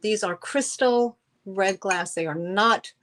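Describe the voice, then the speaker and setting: A woman's voice: medium pitch, slow pace, fairly bright tone. A middle-aged woman hosting a live-stream sale, chatting effusively with viewers, with many fillers and restarts. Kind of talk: live-stream selling chat.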